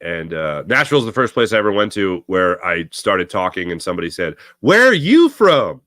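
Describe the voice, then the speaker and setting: A middle-aged sports podcast host with a slight Philadelphia accent rambles through team news and his own plans. His voice sits a little low but has a bright, forceful edge. The recording is close and dry. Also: brisk, dry recording. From Philadelphia area. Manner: rambling, conversational, frequent fillers and restarts. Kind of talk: casual sports talk monologue.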